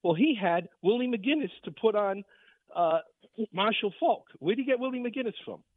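A man calling into a sports radio show, arguing his point with rapid, combative rebuttals. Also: sits high, lively intonation, dry recording. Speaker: caller. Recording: tinny phone line.

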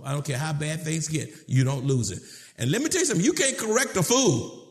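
A man preaching a sermon in a fairly high voice for a man. He drops low and slow to make his points, then climbs into shouted, emphatic questions. His phrasing is casual and direct, with words like "y'all". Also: animated. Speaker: pastor.

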